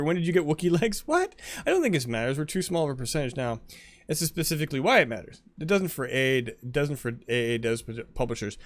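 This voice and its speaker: A man chatting casually with viewers while streaming a game, answering chat as he plays. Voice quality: lively, animated pitch.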